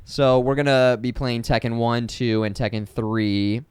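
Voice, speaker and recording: Male podcast co-host, casual and excitable, very smooth clear voice, dry close sound. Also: medium pitch, unhurried, no echo. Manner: rambling, excitable, lots of fillers. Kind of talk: casual chat.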